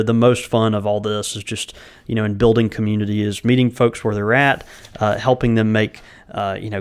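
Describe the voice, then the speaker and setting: A man's voice: fairly low pitch, smooth. A man co-hosting a podcast in casual chat, rambling and full of filler words. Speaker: podcast co-host.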